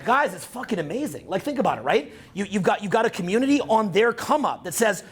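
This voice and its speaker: A Canadian man in his forties, a social skills coach, giving a brash, profane, animated seminar talk to a crowd. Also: high voice, fast, hardly any pauses, slightly rough. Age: 40s. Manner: brash, profane, animated lecturing with mocking put-on voices.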